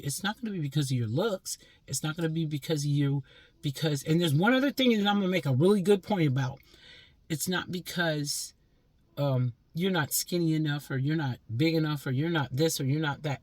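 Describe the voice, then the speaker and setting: A woman's voice: low-pitched, a little fast, no echo. A woman in her sixties from Pennsylvania, delivering a blunt, profane, scolding monologue as a vlogger. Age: 60s.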